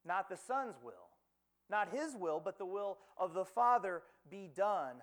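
High-voiced preacher man, dramatic retelling. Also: sing-song, measured pace, a bit bright. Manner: dramatic storytelling with rhetorical questions and quoted dialogue. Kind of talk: sermon.

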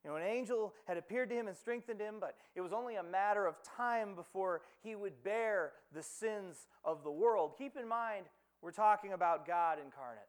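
A man with a notably high voice delivers a sermon, retelling a scripture story with dramatic pauses. He asks rhetorical questions and acts out quoted lines along the way. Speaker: preacher.

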